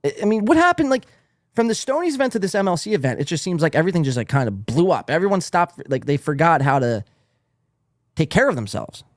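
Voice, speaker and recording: A man hosting a podcast, reacting to a clip with crude, mocking sarcasm. His pitch swings up and down in an animated way. The sound is close and dry, with no room echo. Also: quick pace. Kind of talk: commentary.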